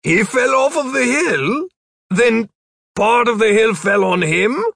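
A man voicing a prim, kindly male wizard in a storybook reading, measured and gently scolding. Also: medium pitch, expressive, gravelly, husky, dry recording, studio quality, full character voice.

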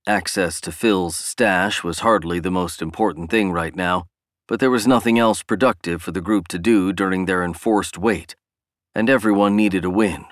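A man narrating a novel in a steady, even storytelling read. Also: low-pitched, moderate pace, dry recording, clean studio sound. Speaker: audiobook narrator. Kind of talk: scripted narration.

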